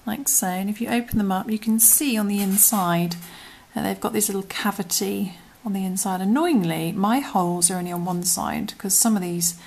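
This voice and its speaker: A British woman talks through a crochet tutorial in an easy, conversational way. Her voice has a gravelly fry, and her words often trail off into murmurs as her hands get busy. Soft clicks and a faint background hiss sit behind her. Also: medium pitch, fairly even intonation, moderate pace. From United Kingdom. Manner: chatty, often trailing into murmurs and whispers while working. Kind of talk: casual step-by-step craft tutorial.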